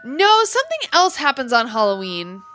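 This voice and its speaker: A woman's voice: high-pitched, wildly swooping pitch, normal speed, fairly bright tone, soft background music. A woman in her thirties co-hosting a podcast in casual, playful chat, often giggling. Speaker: podcast co-host.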